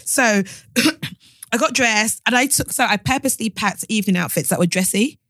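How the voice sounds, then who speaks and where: A young woman with a London accent, co-hosting a casual podcast chat and telling animated stories, acting out what people said. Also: fairly high pitch, moderate pace, dry recording, studio quality. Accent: London English. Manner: animated storytelling, acts out quotes. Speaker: podcast co-host.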